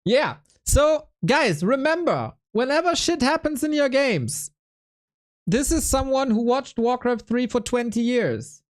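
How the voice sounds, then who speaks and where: A woman's voice: sits high, big pitch swings, a little slow. A woman casting a game stream, chatting casually in a laid-back, self-mocking way and laughing often. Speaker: esports caster.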